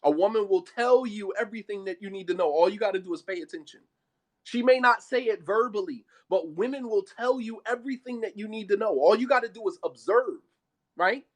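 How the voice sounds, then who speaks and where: Brief: male lecturer, high voice, blunt colloquial sermon on marriage, emphatic delivery. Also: brisk. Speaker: Islamic speaker.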